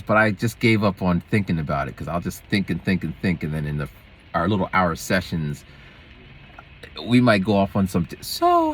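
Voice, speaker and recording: This low-pitched man's voice carries a breathy edge. He's a schoolteacher and vlogger chatting to camera in a casual way, telling meandering stories that keep jumping between subjects.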